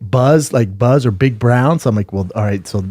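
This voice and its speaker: A man's voice: medium pitch, normal speed, a little mellow, no room sound, clean studio sound. A man co-hosting a podcast, telling a rambling, profane story in casual chat and acting out what people said. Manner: rambling anecdote, swears, acts out quotes. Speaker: podcast co-host.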